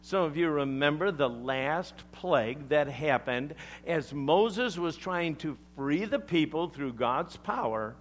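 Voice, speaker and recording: Male pastor, sermon delivery, slightly high voice with wide swings, unhurried, emphatic. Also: slight background noise. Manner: emphatic, animated preaching with deliberate pauses.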